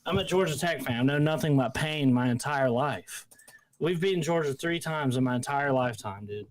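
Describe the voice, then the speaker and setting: A man's voice: mid-range voice, moderate pace. A man ranting heatedly on a livestream, profane and rambling with lots of restarts. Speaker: guest panelist.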